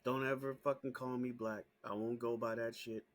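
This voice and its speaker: Male vlogger, mid-pitched, heated profane rant to camera, repetitive, prone to shouting. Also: flat delivery, moderate pace. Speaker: small YouTube channel host. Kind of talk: casual direct-to-camera rant.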